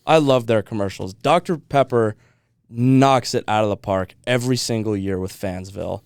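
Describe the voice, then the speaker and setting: Laughing, animated young man, smooth voice. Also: lowish voice, normal speed, no room sound, clean studio sound. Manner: animated storytelling, laughs often, swears casually. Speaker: podcast co-host. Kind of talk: casual chat.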